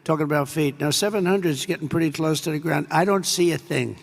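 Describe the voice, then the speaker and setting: A man's voice: a little high, quick pace, vocal fry. An older man giving an off-the-cuff speech full of rambling, digressive anecdotes and repeated superlatives. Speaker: public speaker. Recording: echoey large hall.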